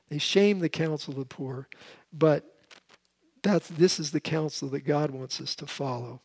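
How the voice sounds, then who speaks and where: Male Bible teacher, voice on the high side, casual talk with many restarts. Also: a little slow. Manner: conversational, with frequent restarts. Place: seated, with a drink at hand.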